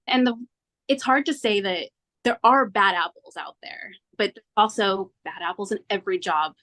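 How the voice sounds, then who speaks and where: Woman tarot reader on a podcast, chatty and earnest, acts out what she used to think, mid-pitch voice. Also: moderate pace. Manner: earnest, animated, acts out her own past thoughts. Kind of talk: casual storytelling in an interview.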